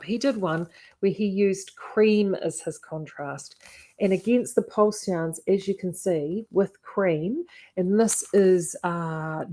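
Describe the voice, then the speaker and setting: Aussie lady gushing about yarn colours on a live stream, chatty and excited. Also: medium pitch. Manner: chatty and enthusiastic, talks to viewers. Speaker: yarn shop owner and video host. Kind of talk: casual live-stream chat about knitting yarns.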